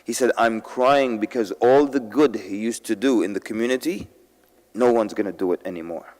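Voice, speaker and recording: A man's voice: lowish voice, normal speed. A man giving a talk at a convention, telling stories and asking the crowd questions. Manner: lively storytelling, asks the crowd questions. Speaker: convention speaker. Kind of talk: lecture to a live audience. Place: large convention hall. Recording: long hall reverb.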